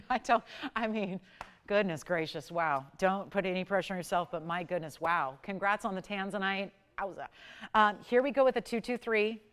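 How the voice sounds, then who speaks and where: A woman hosting a live jewelry shopping show, effusive and gushing with exclamations as she pitches pieces in a studio. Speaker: shopping channel host.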